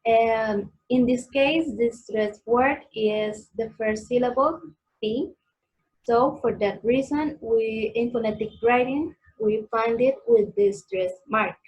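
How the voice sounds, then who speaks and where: Young woman, Colombian accent, native Spanish, slightly high voice, slow pace, careful, pauses with um. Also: darkish tone, lo-fi sound. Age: young adult. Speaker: student presenter. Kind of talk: recorded class presentation.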